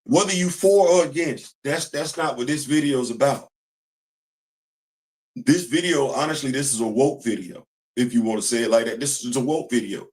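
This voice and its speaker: A man hosting a commentary channel, talking in a casual, animated way, repeating phrases and answering himself with call-and-response. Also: medium pitch, moderate pace.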